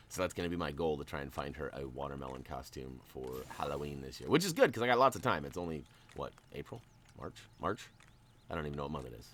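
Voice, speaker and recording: A man's voice: low voice, fairly quick. A man giving casual, playful commentary while he plays a video game. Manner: chatty and playful, jumps up in excitement. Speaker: gaming channel host.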